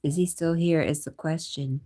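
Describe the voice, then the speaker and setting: A woman's voice: low voice, steady tone, normal speed, warm tone. A woman hosting a casual livestream, chatting and reading viewer comments aloud, sometimes in a whisper. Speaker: livestream host.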